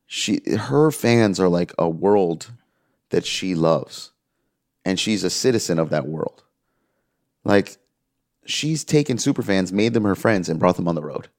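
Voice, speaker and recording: A man's voice: low-pitched, a little slow, dry recording, studio quality. A man, an interview guest telling an earnest story and quoting the people he talks about. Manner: earnest, quotes others in lively voices. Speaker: music manager, interview guest.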